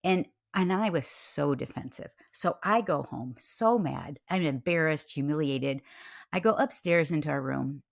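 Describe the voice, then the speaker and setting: Expressive gravelly-voiced woman guest. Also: a little slow, dry recording, clean studio sound. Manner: expressive, acts out quoted voices with big pitch jumps. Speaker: podcast guest, author. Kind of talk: animated storytelling interview.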